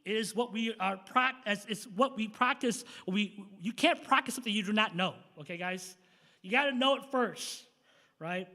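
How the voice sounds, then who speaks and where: Young male preacher, high-pitched and casual, conversational sermon with a long hall reverb. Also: moderate pace, sharp tone. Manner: conversational, fillers and tag questions. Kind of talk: storytelling sermon. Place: church sanctuary.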